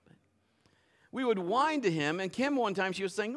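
Speaking quickly in a high-pitched voice, a middle-aged male pastor preaches in an animated, chatty style. He performs short quotations along the way.

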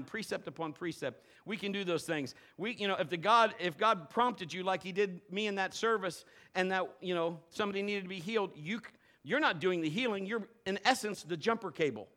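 Male preacher, high bright voice, lively delivery swinging between loud and hushed, church service. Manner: animated, swings from loud exhortation to low asides, playful. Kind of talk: sermon.

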